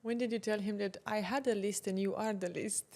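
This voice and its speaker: A woman's voice: mid-range voice, steady tone, fairly quick, darkish tone. A woman hosting a podcast interview, with brief reactions and follow-up questions. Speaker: podcast host. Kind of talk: conversational interview.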